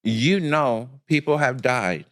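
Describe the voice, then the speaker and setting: A man's voice: medium pitch, animated, slow pace. A man speaking as a guest in a casual podcast discussion, blunt and emphatic, thinking aloud with frequent restarts.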